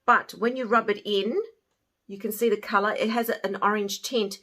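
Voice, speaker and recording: A woman casually reviewing beauty products she bought, chatty and often trailing off softly at the ends of her thoughts. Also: medium pitch, steady tone, normal speed. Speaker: beauty haul vlogger.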